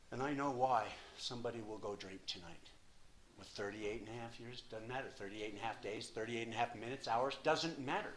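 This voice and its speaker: A man in his sixties giving an impassioned, profane personal share at a recovery meeting, swinging from hushed to loud. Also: fairly low pitch, a little fast, a little hiss or hum.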